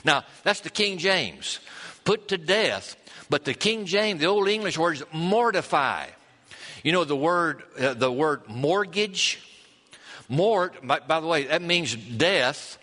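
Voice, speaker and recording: Guy preaching, folksy, bright ringing voice, big echoey church. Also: fairly high pitch, sing-song. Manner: folksy, storytelling, stretches key words slowly. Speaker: pastor. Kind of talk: sermon. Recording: long hall reverb.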